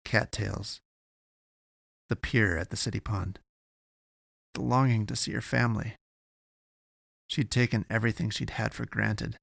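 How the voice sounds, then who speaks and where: A man narrating a science fiction audiobook in a steady, measured way. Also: on the low side, vocal fry, dry recording, clean studio sound.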